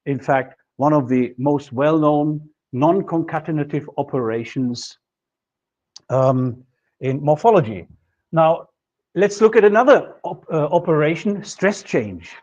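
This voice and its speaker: A man delivers a university lecture in a fairly high voice. He explains step by step, working through examples. The recording sounds muffled and lo-fi. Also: darkish tone. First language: German. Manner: methodical, explaining with worked examples. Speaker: linguistics lecturer.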